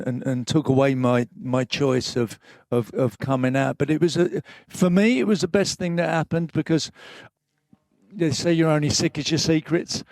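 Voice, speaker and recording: A man's voice: a little high, darkish tone, dry recording. A man, giving a frank, emotional live talk about recovery that halts and restarts as he goes. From England. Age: late 50s. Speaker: guest speaker. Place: live event venue.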